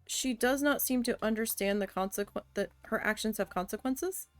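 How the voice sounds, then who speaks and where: A woman streaming a building game, telling a story in a casual, venting way with a lot of swearing, and muttering quietly to herself while she builds. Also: mid-range voice, moderate pace, no echo, soft background music. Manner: chatty venting with frequent swearing.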